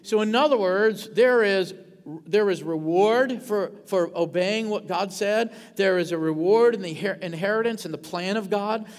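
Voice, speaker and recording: A male pastor preaching a sermon in a church, animated and quick, stumbling over words and asking the congregation questions. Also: high voice, big-room sound. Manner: animated preaching with many restarts and audience questions. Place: church sanctuary. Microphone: ringing handheld or stage mic.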